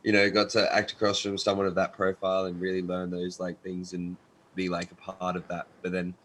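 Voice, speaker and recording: A man's voice: low-pitched, monotone, fairly quick, a bit bright, rough recording. A young Australian man chatting loosely on a podcast, full of "like" and "you know". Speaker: podcast guest, actor and athlete. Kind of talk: casual podcast chat.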